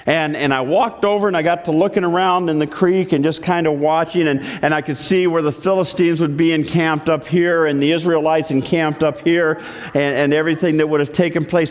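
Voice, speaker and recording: A man's voice: a little high, steady tone, brisk. A man preaching a sermon, telling the story in a playful, joking way. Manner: playful, jokey. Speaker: pastor. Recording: echoey hall.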